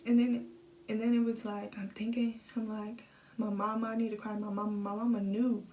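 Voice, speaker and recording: A young woman vlogging a personal story into her phone, emotional and halting, often repeating herself. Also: a little high, level tone, darkish tone, slight background noise. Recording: echoey room, phone set at a distance.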